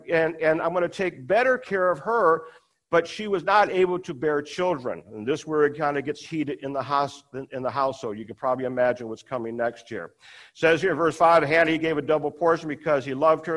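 A man with a notably high voice delivers a sermon in an easy, conversational way. He retells the scripture passage with asides, and he voices the characters' lines by pushing his pitch higher. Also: a bit bright. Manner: conversational, acts out quoted dialogue with rising pitch. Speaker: preacher.

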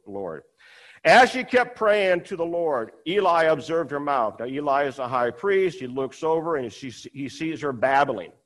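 High-voiced man preaching a sermon. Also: fairly bright tone. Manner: conversational, acts out quoted dialogue with rising pitch.

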